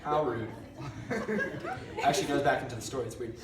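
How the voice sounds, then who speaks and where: A man's voice: medium pitch, fairly even intonation, a little fast, roomy sound, far from the mic, crowd noise. A young man giving a casual youth sermon, telling a rambling story with lots of fillers and self-deprecating jokes. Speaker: youth pastor. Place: large church hall.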